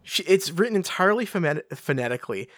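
A podcast co-host in casual book-discussion chat, rambling and animated, full of fillers. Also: mid-range voice, fast talker. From England.

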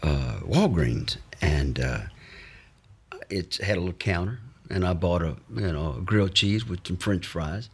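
Husky low-voiced man. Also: animated, unhurried. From Mississippi, USA. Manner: rambling anecdotes full of "you know" and chuckles. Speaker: interviewee. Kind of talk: casual storytelling.

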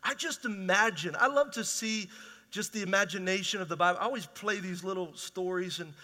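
A man's voice: high voice, a little fast, bright, forceful tone. A man preaching a conversational, emphatic sermon as pastor in a large church hall.

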